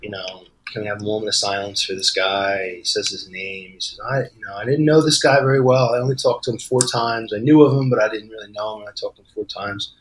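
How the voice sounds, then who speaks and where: A man's voice: on the low side, steady tone, fast, hardly any pauses, rough recording. Rambling man with a New Jersey accent. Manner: rambling storyteller, laughs easily. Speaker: author guest. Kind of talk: casual podcast chat.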